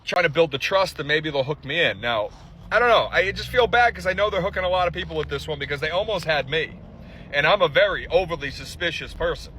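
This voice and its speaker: A man telling a story in a casual vlog, animated and profane, acting out both sides of a phone call. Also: a little high, fast talker, a little hiss or hum. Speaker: social media storyteller.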